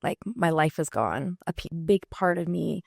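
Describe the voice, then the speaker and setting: A woman's voice: fairly low pitch, animated, moderate pace, vocal fry, no room sound, clean studio sound. A woman musician speaking candidly and reflectively in a casual interview, with many fillers. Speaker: musician guest.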